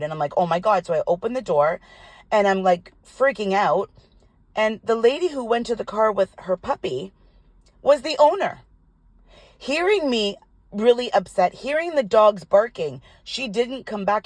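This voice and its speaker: An older woman, a tarot reader, telling a personal story in an animated, indignant way, with some swearing. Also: mid-range voice, no echo. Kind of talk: casual storytelling vlog. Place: parked car.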